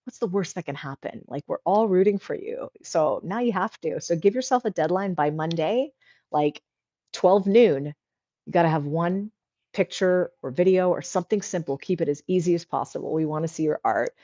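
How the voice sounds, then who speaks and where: A woman's voice: on the low side, normal speed, warm tone, no room sound, lo-fi sound. A woman hosting a casual livestream, chatty and encouraging, reading out viewer comments. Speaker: livestream host.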